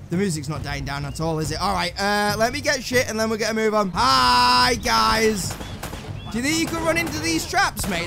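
An English man narrates his own gameplay in an excitable, profane running commentary. His voice sits high and leaps around a lot as he swears and jokes to himself. Loud game music plays behind him throughout. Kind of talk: let's play commentary.

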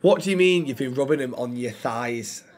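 A man streaming game roleplay as a restaurant manager, animated and swearing. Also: medium pitch, moderate pace. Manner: animated, swearing, mock-stern.

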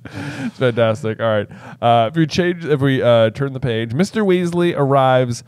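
A man's voice: medium pitch, wildly swooping pitch, moderate pace, darkish tone, smooth, no room sound, clean studio sound. A man in his thirties co-hosting a casual book podcast, reading passages aloud and reacting with animation. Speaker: podcast co-host.

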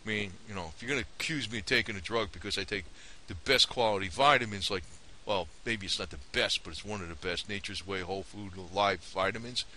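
A man's voice: lowish voice, quick pace, bright, forceful tone, slight background noise. A man ranting casually to camera about a TV show, rambling, indignant and conspiratorial. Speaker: vlogger. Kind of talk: casual opinion rant to camera.

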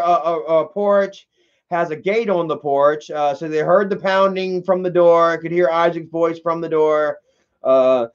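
A young man hosts a loose, profane commentary in a rambling, excitable way. His voice sits high for a man. The recording is dull and lo-fi. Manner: rambling, heavy swearing, excitable. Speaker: commentary host.

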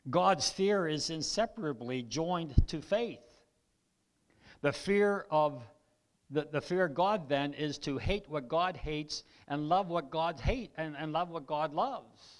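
A man preaching a sermon as pastor, his voice tired and weakening, who clears his throat, reads scripture aloud and repeats lines for emphasis. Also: on the high side, slow pace. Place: church.

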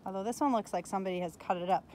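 A woman's voice: medium pitch, rapid-fire, a little mellow, a little hiss or hum. A woman giving an outdoor nature lesson to children on a forest trail. She asks the viewers curious questions, recorded on a handheld phone. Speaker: teacher.

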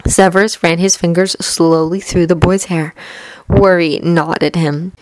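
Woman narrating a fanfic audiobook, lowish voice, steady and measured, super dry sound. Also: no echo, poor audio. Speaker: fanfiction reader.

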